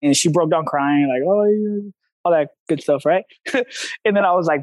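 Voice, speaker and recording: Male coach guest, high-pitched, blunt storyteller with slang, recorded dry and close. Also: moderate pace, darkish tone, no room sound, rough recording. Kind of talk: casual interview talk.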